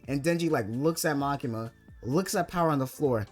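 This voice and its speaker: A young man with a mid-range voice briskly recaps an anime plot as casual video-essay commentary over soft background music. He rambles, packing his speech with filler words.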